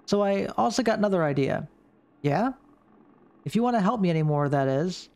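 A man reading the lines of a quiet young loner in a horror game, in a dry, mumbling delivery close to his own voice. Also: sits high, animated, brisk, creaky.

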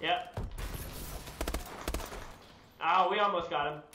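Young male gamer, excitable play-by-play with outbursts, high-pitched, in a noisy echoey room. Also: slow pace. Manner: excitable, loud outbursts, laughing. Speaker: gaming streamer. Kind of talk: live gameplay commentary. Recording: echoey room, loud background noise.

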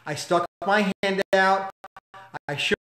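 A man delivers a motivational talk in an emphatic, conversational way, often asking rhetorical questions. His voice sits fairly high for a man. The recording has a roomy echo. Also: slow, bright, forceful tone. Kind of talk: motivational talk with personal story. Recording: echoey room.

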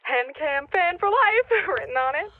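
An actress playing an excited, gossipy young superfan calling in. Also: female voice, very high-pitched, unhurried, no echo. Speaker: caller. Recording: tinny dry phone line.

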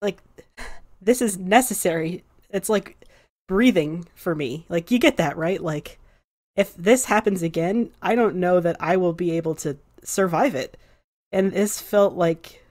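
A woman's voice: lowish voice, unhurried, darkish tone. A woman voicing a wry young male mage who is dry and sarcastic and mocks himself. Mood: earnest. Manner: dry, sarcastic and self-deprecating.

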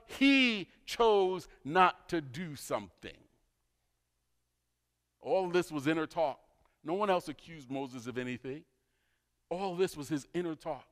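A pastor delivers a sermon in a high, bright voice, telling the story with animation and acting out the dialogue. His voice rings through a church hall with long reverb. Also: expressive, slow pace, pauses often. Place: church sanctuary.

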